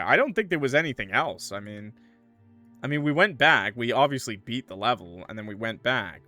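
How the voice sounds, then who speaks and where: A man streaming a game, chatting casually and thinking aloud in an animated way. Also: mid-range voice. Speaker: gaming streamer. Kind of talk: casual let's-play commentary.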